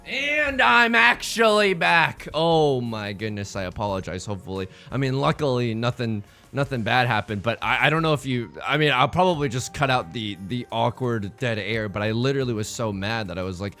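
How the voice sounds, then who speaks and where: Young male streamer, high-ish voice, swinging pitch, playful banter over his game. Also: fairly quick, soft background music. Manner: animated, playful, jokey asides; drops to a stage whisper at times. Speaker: let's play streamer. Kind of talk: casual gameplay commentary.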